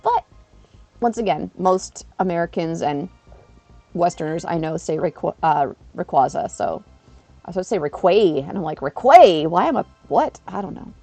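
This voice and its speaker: A young woman streamer chatting casually to her live-stream viewers, acting out quoted people in an animated way and laughing often. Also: normal speed, gravelly, no echo, soft background music. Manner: animated, acts out quotes with big pitch jumps. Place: living in Japan.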